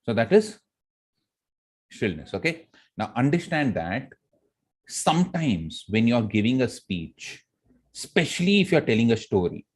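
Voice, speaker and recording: Animated male speaking teacher. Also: mid-range voice. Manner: animated, asks the class questions. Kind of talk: classroom lesson on voice modulation.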